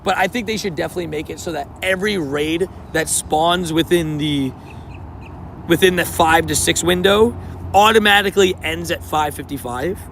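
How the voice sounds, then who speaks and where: Chill young dude live streaming outside, kinda raised bright voice with some gravel, slangy, hypes up chatters, faint traffic behind. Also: male voice, on the high side, moderate pace. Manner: laid-back and slangy, greeting chatters by name. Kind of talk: casual live-stream chat.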